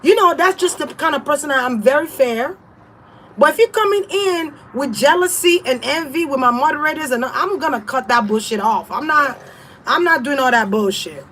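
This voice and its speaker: A high-voiced woman reading tarot who rants bluntly and defiantly. She swears freely and laughs between points. Faint noise sits under her voice. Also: animated, moderate pace, fairly bright tone. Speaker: tarot reader. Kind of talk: casual livestream rant.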